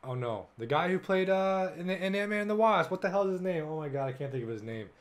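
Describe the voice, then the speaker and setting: A young man hosting a casual solo podcast, excitable and full of swearing, jumping between loud bursts and low mumbles. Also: fast. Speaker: podcast host.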